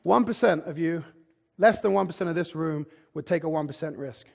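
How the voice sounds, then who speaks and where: Gravelly, emphatic male conference speaker. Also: a little high, a little fast. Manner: emphatic, with frequent "like" and restarts. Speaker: fitness business speaker. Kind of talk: motivational conference presentation. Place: conference room with live audience.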